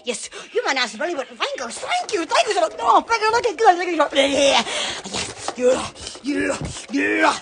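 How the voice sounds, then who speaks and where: A woman hosting a phone livestream from home, rambling giddily with lots of giggles, squeals and drawn-out exclamations. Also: sits high, sing-song, creaky, background noise. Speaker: live-stream host. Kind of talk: silly, rambling livestream chatter.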